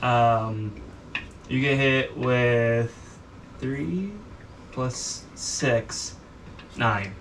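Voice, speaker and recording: A man's voice: mid-range voice, very slow, pauses often, a bit bright. A young man narrating as game master in a casual, hesitant way, with many fillers. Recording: distant mic with background noise.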